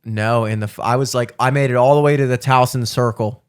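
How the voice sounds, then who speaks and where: A man, co-hosting a podcast and telling a long story in casual chat, animated and profane, acting out the voices of the people in it. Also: medium pitch, a little fast, clear, resonant tone. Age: 30s. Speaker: podcast co-host.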